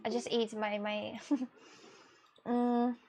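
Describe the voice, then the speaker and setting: A woman's voice: fairly high pitch, level tone, extremely slow, mellow, a little hiss or hum. Blunt young woman. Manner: blunt, rambling, laughs often. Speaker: streamer. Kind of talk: casual live-stream chat, reading chat aloud.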